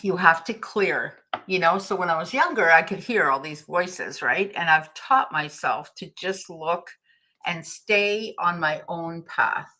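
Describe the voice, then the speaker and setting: A woman's voice: fairly low pitch, a little slow, pushed and bright. A middle-aged woman hosting a livestream, talking casually and telling stories, laughing often. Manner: chatty, anecdotal, laughs often. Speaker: livestream host. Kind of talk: casual motivational talk.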